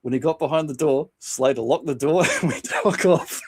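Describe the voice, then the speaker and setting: A man's voice: on the high side, normal speed, slightly rough. Man telling wrestling stories, laughing. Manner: laughs often while telling stories, animated voices for quotes. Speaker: podcast co-host. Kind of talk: casual podcast chat, reading anecdotes from a book.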